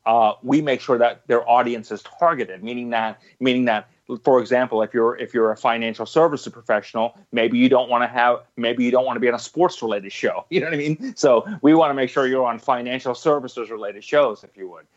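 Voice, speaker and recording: A man's voice: medium pitch, a little fast, muffled recording. A man answering interview questions about his business, emphatic and repetitive, often restarting his sentences. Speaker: guest, business owner.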